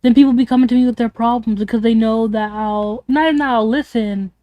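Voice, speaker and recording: Young woman streamer rambling and venting, swears a lot, kinda high voice, dry sound. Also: fairly even intonation, fast talker, no room sound, highs cut off. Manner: rambling, emotional, swears often. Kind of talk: casual venting on a drawing stream.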